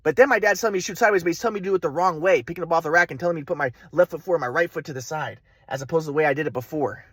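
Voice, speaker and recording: Brief: quick-talking man, animated pitch, rambling and aggrieved, dry close sound. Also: dry recording. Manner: fast, repetitive, aggrieved. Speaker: vlogger telling a personal story. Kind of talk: rambling monologue.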